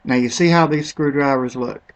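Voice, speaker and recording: Speaking in a mid-range voice at a moderate pace, a man offers offhand, wandering commentary while screen-recording a product comparison. Now and then he isn't sure how certain words are pronounced.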